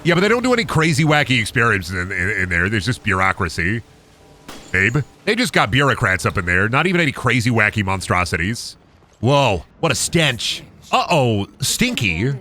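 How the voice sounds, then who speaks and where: A man's voice: medium pitch, big pitch swings, moderate pace, bright, forceful tone. A young man streaming a game, riffing in crude, rambling jokes as he plays. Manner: joking, crude, rambling riffs. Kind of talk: let's play commentary.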